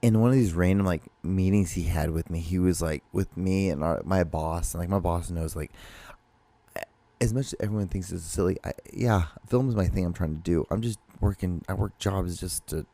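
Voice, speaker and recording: Deep gravelly man, rambling and profane. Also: moderate pace, dark tone. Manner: profane, rambling, restarts sentences often. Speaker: podcast host. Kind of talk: casual rambling monologue.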